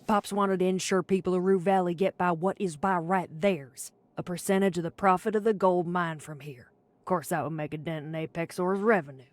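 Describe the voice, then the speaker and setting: A woman's voice: lowish voice, fairly even intonation, fairly quick, dry recording, lightly acted. A woman voicing a bitter, foul-mouthed local woman in a narrative game, blunt and scornful. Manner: blunt and scornful, swears freely. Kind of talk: game character dialogue.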